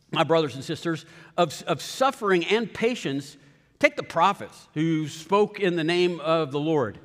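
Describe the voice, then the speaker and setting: A man preaching a sermon as pastor, earnest and animated, telling stories with quoted voices. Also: fairly high pitch. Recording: long hall reverb.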